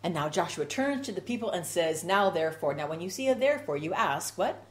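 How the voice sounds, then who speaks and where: A woman's voice: fairly low pitch, lively intonation, fairly quick. Woman preaching an emphatic sermon. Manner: emphatic, rhythmic repetition, occasional laughs.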